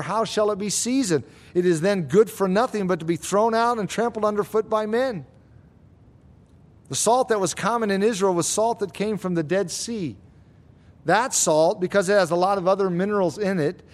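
A man preaching a sermon in an earnest, emphatic way, slowing down for dramatic stress. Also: high-pitched. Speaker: pastor.

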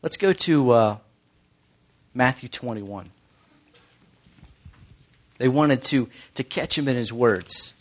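A man's voice: medium pitch, expressive, slow, pauses often. Joking man teaching a Bible study. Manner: joking asides, conversational, quotes scripture. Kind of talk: sermon-style Bible teaching.

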